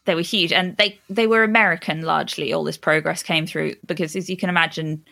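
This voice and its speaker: A woman co-hosting a podcast in a low, gravelly voice with a bright, sharp edge. She chats casually, laughs often and swears freely. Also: steady tone, fairly quick. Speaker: podcast co-host. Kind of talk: casual chat.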